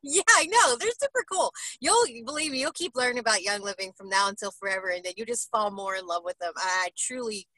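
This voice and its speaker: A woman's voice: on the high side, expressive, fast talker, few pauses, pushed and bright, no room sound, poor audio. A woman hosting a casual interview, gushing and enthusiastic, often tagging her points with "right?". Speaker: interviewer and host.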